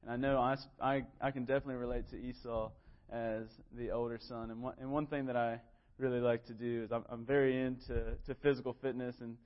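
Man in his 20s, church preacher, earnest storytelling, self-deprecating, mid-pitched voice, slightly muffled audio. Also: little pitch movement, fast, few pauses. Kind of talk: sermon with scripture reading. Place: church sanctuary.

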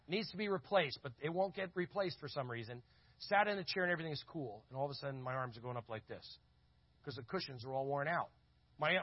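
Man, quick storytelling sermon, slightly high voice, dry dull lo-fi sound. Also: slightly rough, no echo. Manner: animated, acts out quoted voices. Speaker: conference speaker. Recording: dull lo-fi audio.

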